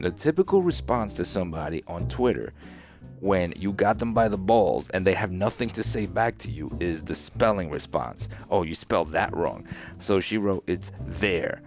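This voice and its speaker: Low gravelly man, casual podcast talk. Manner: laid-back storytelling, reading out tweets with amused laughs. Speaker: podcast host.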